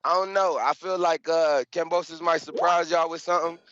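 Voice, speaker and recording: A man calling in to talk boxing, halting and hesitant with lots of fillers. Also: on the high side, fairly even intonation, a bit bright, no room sound, dull audio. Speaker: caller. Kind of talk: casual boxing chat.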